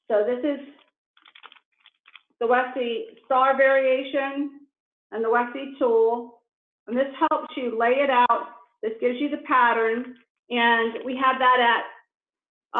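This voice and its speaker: Enthusiastic woman teaching quilting, tinny and echoey. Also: fairly high pitch. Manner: enthusiastic, shows pieces up to the camera. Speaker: quilting instructor. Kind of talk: casual craft tutorial. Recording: echoey room on a tinny, phone-like line.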